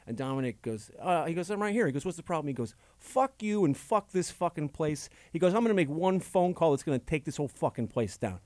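A man telling stories in a casual chat, animated and swearing freely. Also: fairly high pitch, quick pace, few pauses, dry recording. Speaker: comedian guest.

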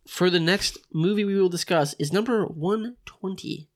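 A man's voice: high voice, normal speed. Man, podcast host, casual banter, jokey. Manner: laughing, joking banter. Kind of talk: casual chat.

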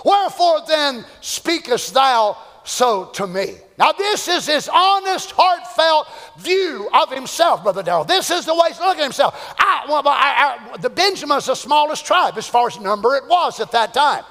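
A man preaching a fervent sermon, swinging between shouts and hushed asides, with long hall reverb. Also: extremely high pitch, big pitch swings, normal speed. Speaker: pastor. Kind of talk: Pentecostal sermon.

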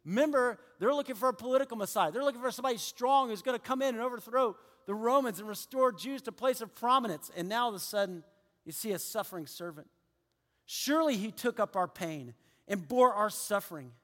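A man preaching a sermon with animated delivery, acting out quoted people and dropping to hushed tones. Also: very high voice, a little fast. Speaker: pastor. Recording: long hall reverb.

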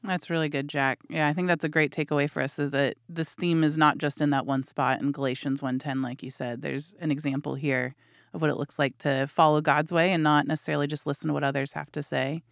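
A woman's voice: low-pitched, flat delivery, fairly quick, no echo, clean studio sound. Affirming woman hosting a Bible podcast. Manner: affirming, leads with questions. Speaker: podcast host.

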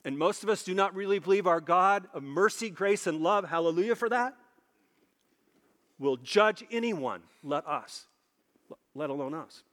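A man preaching a sermon, emphatic, repeating phrases for stress and slowing low on key points. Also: expressive, fairly bright tone, long reverb tail.

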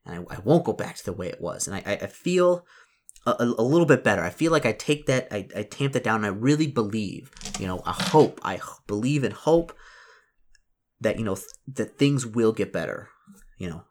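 Halting man narrating a solo role-play. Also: lowish voice, animated. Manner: halting, full of repetitions and restarts. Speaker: solo tabletop role-player. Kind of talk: narrating a solo tabletop game with dice rolls.

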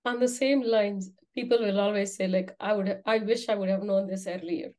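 A woman's voice: medium pitch, fairly even intonation, normal speed, darkish tone. Woman podcast host asking questions. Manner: conversational, asks questions. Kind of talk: podcast interview.

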